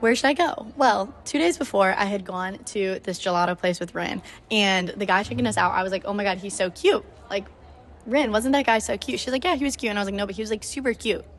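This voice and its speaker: A woman's voice: medium pitch, quick pace. A nineteen-year-old woman hosting her own podcast, telling a story in a chatty way with lots of "like" and acted-out quotes. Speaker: podcast host. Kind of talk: casual storytelling monologue.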